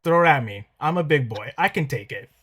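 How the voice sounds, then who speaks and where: A man's voice: a little high, animated, brisk, a bit bright, slightly rough. A man on a voice call, bluntly pressing his guest for answers and brushing her off. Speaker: interviewer on a voice call. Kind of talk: heated argument on a voice call. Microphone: computer mic on a voice call.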